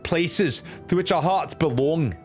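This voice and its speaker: A man's voice: fairly high pitch, a little slow, soft background music, voice pushed up, lightly acted. A man with an Australian accent voicing a brash young warrior princess, blunt and crude. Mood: defiant.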